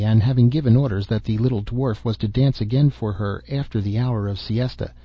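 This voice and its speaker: A man narrating a classic fairy tale in a measured, even reading. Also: fairly low pitch, breathy edge, no echo. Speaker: audiobook narrator. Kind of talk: storybook narration. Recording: dull, dry lo-fi recording.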